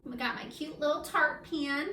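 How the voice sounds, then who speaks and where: A woman's voice: sits high, normal speed, bright, forceful tone, a little hiss or hum. A woman hosting a home baking show, walking through a recipe in a playful, chatty way and talking to her dough as she works in a kitchen. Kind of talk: casual cooking tutorial. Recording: echoey room, mic at a distance.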